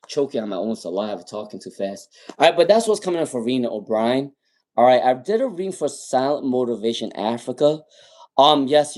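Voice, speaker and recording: A man's voice: mid-range voice, a little mellow. A man doing live tarot readings on a stream, rambling and repeating viewers' names with many ums. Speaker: tarot reader.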